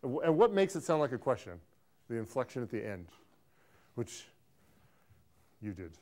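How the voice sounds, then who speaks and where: A middle-aged accounting professor lectures his class in a playful, teasing way, quizzing students and praising them repeatedly. His medium-pitched voice is very animated and a little mellow, at a moderate pace.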